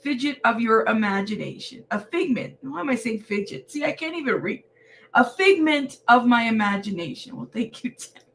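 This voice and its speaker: Tired woman hosting a live chat stream, friendly greetings, a bit of vocal fry. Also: a little high, animated, normal speed, fairly bright tone, slight background noise. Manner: chatty, greets viewers by name. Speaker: livestream host.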